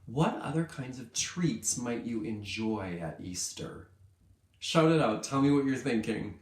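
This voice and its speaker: A man teaching a lesson to small children, speaking at an unhurried, deliberate pace in a voice of middling pitch. He is upbeat and draws words out sound by sound. The recording carries a noticeable echo from the room. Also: animated, a little mellow. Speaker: kindergarten teacher.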